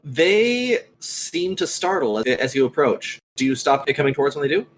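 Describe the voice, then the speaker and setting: A man narrating a tabletop game as game master, calmly describing scenes. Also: on the high side, moderate pace, low-quality recording.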